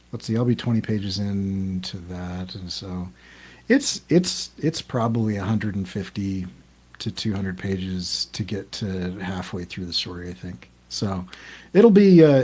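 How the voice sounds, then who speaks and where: A man's voice: medium pitch, a little mellow. A man co-hosting a podcast in casual group chat, talking in a rambling way with many ums and restarts. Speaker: podcast co-host.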